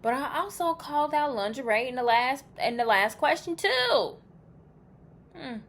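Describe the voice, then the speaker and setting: A woman reads tarot cards in a loose, chatty way, cracking jokes and swearing as she reacts to each card. Her voice sits fairly high, and she draws out her words at an unhurried, very slow pace. A faint hiss of noise runs underneath. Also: very animated, a bit bright. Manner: chatty and blunt, swears freely, jokes with the viewer. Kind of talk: casual pick-a-card tarot reading.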